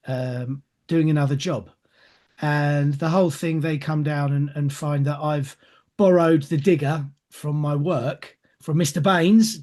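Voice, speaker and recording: Middle-aged guy, chatty, slightly high voice, tells stories and does people's voices. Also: darkish tone. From England. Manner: chatty storyteller, acts out voices in anecdotes. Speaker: actor being interviewed. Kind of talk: casual interview answers.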